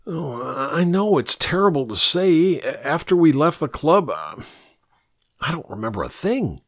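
A man's voice: fairly high pitch, expressive, unhurried, no echo, clean studio sound, pitched above the performer's own voice. A man voicing a remorseful, bewildered man in trouble, talking in a hesitant, pleading way. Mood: regretful.

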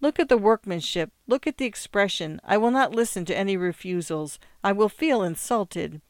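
A storyteller voicing a fussy, flustered doctor who protests and insists, in a clear, smooth voice. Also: mid-range voice, expressive, normal speed, dry recording, natural voice. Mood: insistent. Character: flustered family-man doctor.

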